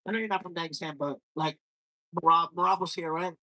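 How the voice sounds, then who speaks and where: A man throws out blunt, profane reactions during a live stream. His voice is bright and cutting at a mid pitch. He talks in loose, joking banter. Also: steady tone, fast talker, rough recording. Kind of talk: casual reaction stream chat.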